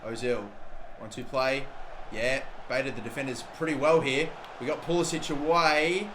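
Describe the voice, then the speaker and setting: A man's voice: sits high, normal speed, fairly bright tone. A man in his twenties giving profane, chatty commentary over a football video game and talking straight to his viewers. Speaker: gaming YouTuber. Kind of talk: live gameplay commentary. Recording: roomy with faint background noise.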